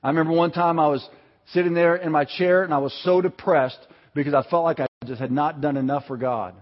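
A man's voice: on the high side, steady tone, fairly quick. A pastor preaching a sermon, telling personal stories and asking his congregation questions. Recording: dull sound with long hall reverb.

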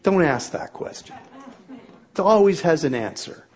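A man's voice: a little high, expressive, measured pace, husky. A middle-aged man telling a humorous personal story to an audience in a self-mocking, exaggerated comic way.

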